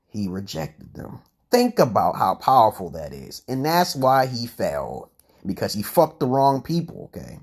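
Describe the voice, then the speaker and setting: A man's voice: mid-range voice, husky. A man delivers a rambling, lecturing monologue to his livestream viewers in an ordinary mid-range voice. He talks bluntly and swears freely. He keeps pressing his points home with a questioning "okay?". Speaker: livestream host reading viewer comments.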